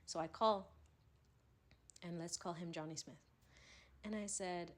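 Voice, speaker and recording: A young woman hosting a podcast, telling animated stories in casual chat with laughter. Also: fairly low pitch, unhurried, pauses often. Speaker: podcast host. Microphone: podcast microphone.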